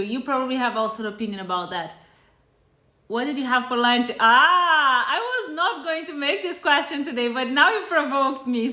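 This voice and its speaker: A woman's voice: high voice, bright, forceful tone, reverberant. A woman with a Brazilian accent hosting a live cooking stream, chatting casually and greeting viewers by name. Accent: Brazilian Portuguese. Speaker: cooking show host.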